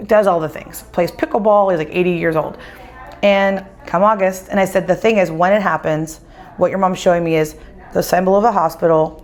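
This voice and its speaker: A woman, a psychic medium, telling stories in casual conversation and acting out the dialogue as she goes. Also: on the low side. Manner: animated, acts out quoted dialogue. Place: winery.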